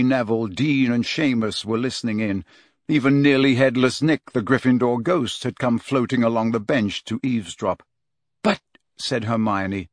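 A man reading an audiobook as narrator, in steady, measured storytelling. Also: mid-range voice, no room sound, studio quality. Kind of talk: scripted narration.

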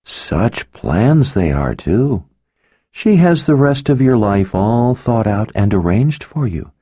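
A man's voice: lowish voice, sing-song, warm tone, slightly rough, no echo, clean studio sound, pitched above the performer's own voice, heavily acted. A man doing a sly teasing witch woman. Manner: teasing, knowing, unhurried.

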